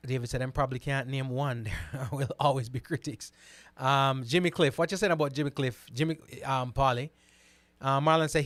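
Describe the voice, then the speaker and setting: Host, male, from Jamaica, mid-pitched, talks in lively bursts and repeats himself, dry close recording. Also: no room sound. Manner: animated, repeats words, asks "right?" often. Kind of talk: casual commentary reading viewer comments.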